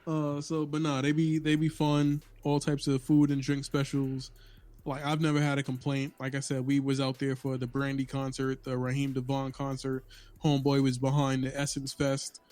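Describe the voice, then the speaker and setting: A man's voice: medium pitch, monotone, normal speed, darkish tone. A man with a New York accent co-hosting a casual podcast, talking loosely with lots of restarts, cursing and laughing. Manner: loose, profane, laughing storyteller with many restarts. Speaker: podcast co-host.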